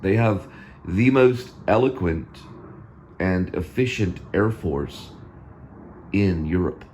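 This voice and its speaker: A man's voice: sits low, slow pace, darkish tone, a little hiss or hum. A man hosting a casual home video, lecturing and drilling the same words over and over. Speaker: show host.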